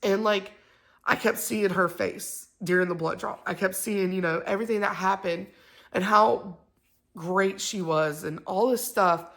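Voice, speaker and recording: A woman's voice: medium pitch, unhurried, fairly bright tone. A mother, telling a story to the camera in a rambling, heated way full of fillers. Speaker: mother and vlogger.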